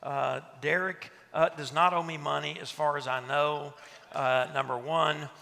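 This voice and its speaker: A middle-aged man from West Texas, his nasal twang bright and a little gravelly, teaches a church leadership session and tells jokes at his own expense. His voice sits a touch high and carries the long reverb of a large hall. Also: steady tone, measured pace. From West Texas, USA. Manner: self-deprecating, joking storyteller. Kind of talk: teaching talk to a seated audience.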